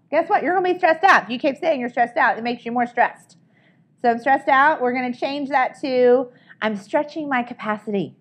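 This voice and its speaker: A woman's voice: high-pitched, moderate pace. A woman giving an upbeat training talk to a group, coaching them and often checking in with "right?". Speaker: sales trainer.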